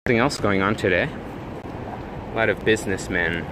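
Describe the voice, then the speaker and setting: A man's voice: on the low side, moderate pace, a bit bright, dry recording, poor audio. A man live streaming as he walks a city, chatting in loose, rambling asides to viewers. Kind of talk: casual walking live stream commentary. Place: busy city street outdoors. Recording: clear city street noise behind. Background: traffic and street ambience.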